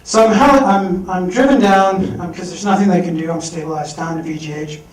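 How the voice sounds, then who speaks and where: A man telling a personal story on stage, animated, acting out the voices he quotes. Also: high-pitched, a little fast. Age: adult. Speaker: speaker. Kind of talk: storytelling talk. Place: large hall. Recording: echoey hall from far off.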